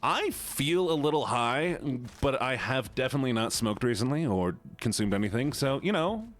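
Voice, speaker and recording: A man talks loosely to his live chat, his pitch bouncing up and down as he rambles. He laughs often between thoughts. Soft game music plays faintly underneath. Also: very animated, normal speed. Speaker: streamer. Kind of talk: casual livestream chat.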